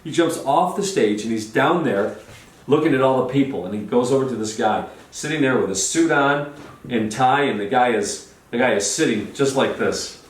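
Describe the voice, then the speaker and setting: A man telling a personal story in an excited way, often restarting and repeating words. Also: mid-range voice, moderate pace. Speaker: storytelling guest. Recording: roomy, distant, faint noise.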